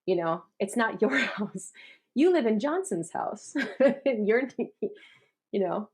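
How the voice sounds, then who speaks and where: A woman from rural Minnesota, a guest in a conversation, telling stories lively and acting out the voices of the people she quotes. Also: mid-range voice, slow. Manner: animated storyteller who acts out quoted voices and laughs often. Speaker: guest, artist and rural advocate. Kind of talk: casual conversation.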